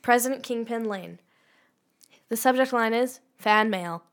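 A woman co-hosting a casual comedy podcast with a slightly high voice. She trades teasing wisecracks with her partner. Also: unhurried. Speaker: podcast co-host.

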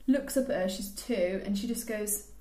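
Mellow-voiced young woman, casual chat. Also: medium pitch, moderate pace. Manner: chatty, laughs while telling anecdotes. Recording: echoey room.

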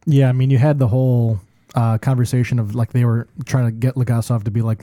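A man's voice: medium pitch, little pitch movement, dark tone, dry recording, clean studio sound. A man in a casual podcast chat, talking in a rambling way full of "like" fillers. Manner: rapid, rambling, many "like" fillers.

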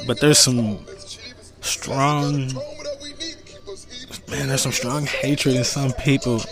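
A man's voice: mid-range voice, steady tone, extremely slow, long pauses. An American man in his thirties hosting a casual solo podcast, rambling loosely, laughing often and cussing freely. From United States. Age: 30s. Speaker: podcast host. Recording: music playing loudly behind. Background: music.

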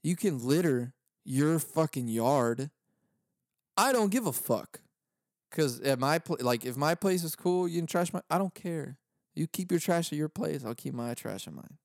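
A young Southern California podcast host with a Californian accent does a solo comedic rant, swearing freely, laughing often, and acting out quoted voices. His slightly high voice is animated and unhurried with vocal fry, captured in studio quality with no echo.

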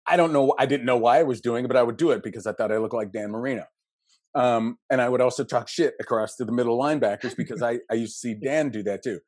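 A man from Western Pennsylvania in his fifties with a Pittsburgh accent, a podcast guest telling animated, jokey stories. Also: medium pitch, no room sound, clean studio sound. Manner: animated storyteller, jokey, quick asides. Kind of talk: casual podcast interview.

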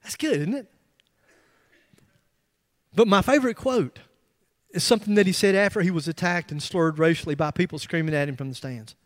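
A middle-aged male pastor with a high voice tells his story in an emphatic, lively way, often stopping to restart a phrase. His sermon rings out with the long reverb of a large church hall. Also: fairly quick, long pauses. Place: church sanctuary.

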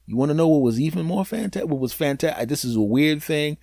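A man hosting a podcast, telling a comic story in an animated way that swings from loud to hushed, with deadpan punchlines. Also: on the high side, brisk, vocal fry, no room sound, clean studio sound. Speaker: podcast host.

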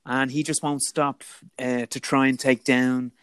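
A man's voice: medium pitch, little pitch movement, unhurried, fairly bright tone, smooth, no room sound. A man with a mid-range voice appears as a guest on a casual podcast. He rambles with plenty of enthusiasm. The recording is dry and close.

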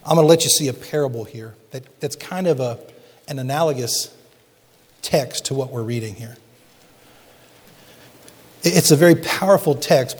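A man's voice: medium pitch, darkish tone, husky, in a large hall. A male pastor preaching a sermon and reading scripture aloud with rising, emphatic delivery.

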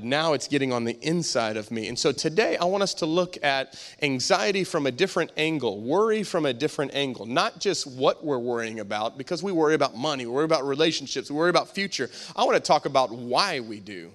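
A man's voice: mid-range voice, fairly bright tone. A man preaching a sermon as pastor, emphatic and repetitive, with frequent rhetorical questions to the congregation.

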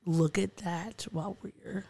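A woman's voice: lowish voice, fairly even intonation, takes it slowly, a little mellow, a little hiss or hum. A woman co-hosting a podcast, telling odd news stories in a rambling, giggly casual chat. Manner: giggly, rambling with fillers and restarts. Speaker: podcast co-host.

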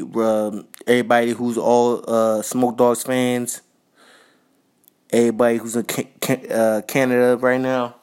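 A man's voice: medium pitch, darkish tone. A man hosting a podcast, giving a casual spoken tribute in a slangy, repetitive way and talking straight to his listeners. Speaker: podcast host.

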